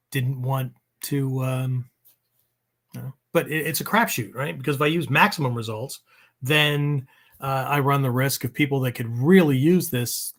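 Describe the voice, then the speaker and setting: A man's voice: medium pitch, a bit bright. A man hosting a training podcast, talking casually and rambling, checking in with "right?" at the end of many sentences. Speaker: podcast host. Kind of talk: casual spoken podcast monologue.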